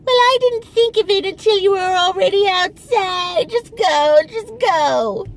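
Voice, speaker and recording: A petulant old mother of 95 in a wheelchair, as her daughter puts her on, bossy and self-pitying. Her voice is pushed high and thin, a whiny, demanding old woman who always makes herself the victim. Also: lively intonation, measured pace, a little hiss or hum, exaggerated voice. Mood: defensive.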